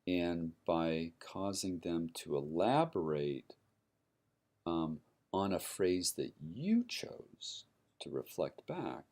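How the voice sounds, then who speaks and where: A deep-voiced man lectures at an unhurried pace, laying out his points one step at a time. He often restarts a phrase partway through, and keeps checking that the class is following before he moves on. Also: very animated, a little mellow. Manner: explanatory, with frequent restarts and "right?" checks. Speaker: university lecturer.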